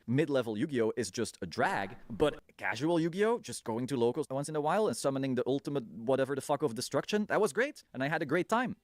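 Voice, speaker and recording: A man telling a casual vlog story in an animated way, laughing often and swearing freely. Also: on the high side, no echo, clean studio sound. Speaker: video creator.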